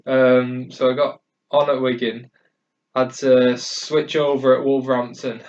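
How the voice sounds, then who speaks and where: A man's voice: medium pitch, little pitch movement, a little slow, darkish tone, far from the mic. A man hosting a podcast, telling stories casually with lots of fillers and restarts. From North of England. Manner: rambling, hesitant storytelling with many fillers. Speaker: podcast host. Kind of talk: casual chat. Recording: muffled sound from away from the mic.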